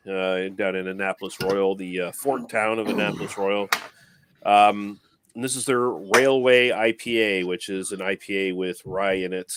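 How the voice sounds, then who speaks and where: A man who reviews beer, speaking in a deadpan, dry manner on a casual online panel over a video call. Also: fairly low pitch, noisy background.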